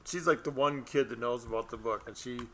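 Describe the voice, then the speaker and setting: A man's voice: mid-range voice, a little fast, sharp tone, a little hiss or hum. A middle-aged man, an author, chatting casually to camera and telling a rambling story with frequent laughs. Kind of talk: casual vlog chat.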